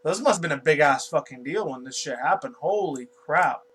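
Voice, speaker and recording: A man's voice: on the high side, animated, fast talker, a bit bright, a little hiss or hum, rough recording. A man from New York giving a casual, rambling commentary as he reads a news article aloud, swearing often and stumbling over words. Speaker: YouTube commentator.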